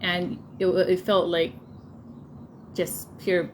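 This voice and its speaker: A woman in her thirties casually telling a personal story, laughing often and getting animated when she quotes people. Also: on the low side, slow, noisy background. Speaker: vlogger telling a birth story.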